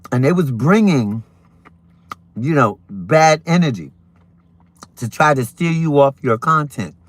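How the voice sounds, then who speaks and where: A man casually chatting on his morning livestream, animated and talking while he eats breakfast. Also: fairly high pitch, measured pace. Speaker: livestream host.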